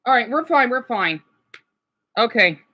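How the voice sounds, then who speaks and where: A woman's voice: on the high side, lively intonation, unhurried, lo-fi sound. A woman vlogger ranting casually, frustrated and swearing at her laptop.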